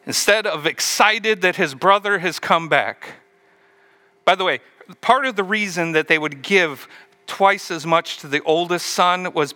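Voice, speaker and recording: A man's voice: fairly high pitch, bright, forceful tone. A man preaching a sermon, retelling a story and asking the listeners questions along the way. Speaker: pastor.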